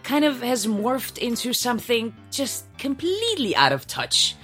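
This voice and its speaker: A woman's voice: on the high side, wildly swooping pitch, measured pace, fairly bright tone, soft background music. A woman co-hosting a news podcast with a wry, teasing delivery. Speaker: podcast co-host.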